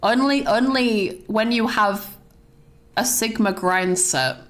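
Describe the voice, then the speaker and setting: A woman's voice: fairly high pitch, slow, fairly bright tone. A woman doing a slangy dude dad. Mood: mock-serious. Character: laid-back dad giving slangy pep talk.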